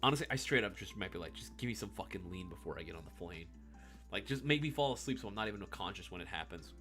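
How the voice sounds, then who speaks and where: A man's voice: sits low, animated, fast talker, pushed and bright, faint music behind. A man in his thirties chatting casually on a live stream, reading the chat, laughing often and calling people "bro" and "dude.".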